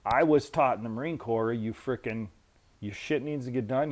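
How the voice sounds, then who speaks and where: A man in his fifties, a military veteran, telling stories in a profane, animated way and acting out quotes. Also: medium pitch, fairly quick. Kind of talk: casual storytelling.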